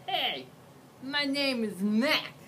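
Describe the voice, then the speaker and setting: A woman's voice: sits high, expressive, drawn-out words, fairly bright tone, a little hiss or hum, voice pushed up, heavily acted. A woman voicing a big, scruffy boy monster who slurps and whines. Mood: whiny. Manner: slurping, whiny.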